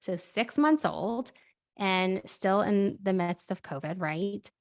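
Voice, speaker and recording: A woman hosting a conversational podcast interview, animated and quick to get heated. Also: medium pitch. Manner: animated, speeds up and swears when heated. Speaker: podcast host.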